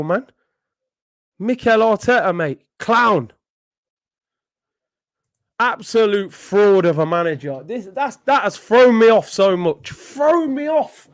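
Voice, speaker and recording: A man's voice: high-pitched, dry recording, studio quality. A young man ranting in exasperation as a football channel host, repeating himself in disbelief. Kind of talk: ranting vlog commentary.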